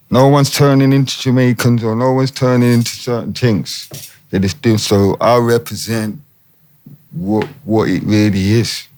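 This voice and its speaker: A man's voice: lowish voice, darkish tone. A man, talking as a guest in a casual interview, full of street slang and emphatic asides. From England.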